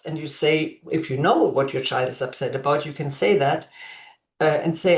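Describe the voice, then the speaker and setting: In an echoey room, a woman educator with a low-sitting voice addresses parents in an instructional talk. She speaks slowly and deliberately, gently modeling the words to use with a child.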